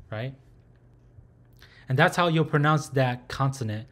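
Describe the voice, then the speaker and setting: Male language teacher, mid-pitched, patient, repeats each sound slowly; casual filler-heavy delivery. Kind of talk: online language lesson.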